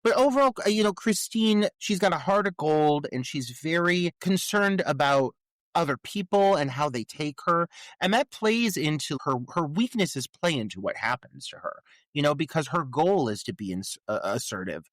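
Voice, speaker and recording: A man's voice: a little high, expressive, moderate pace, dry recording. Man rambling in a dry movie podcast. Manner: rambling, many fillers and restarts. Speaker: podcast co-host. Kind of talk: casual movie review chat.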